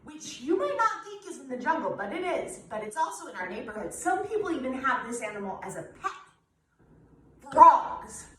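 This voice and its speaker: A woman's voice: high-pitched, big pitch swings, normal speed, a little hiss or hum. A young woman guiding children through a yoga class, cheerful and encouraging, with a sing-song coaching manner. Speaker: kids' yoga teacher. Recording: echoey room, voice from a distance.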